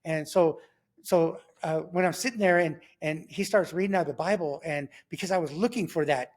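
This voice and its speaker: A man telling his faith testimony in casual, animated storytelling, acting out what he and others said and checking in with the listener. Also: on the high side, normal speed. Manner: animated, acts out his own quoted remarks. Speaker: guest sharing a faith testimony.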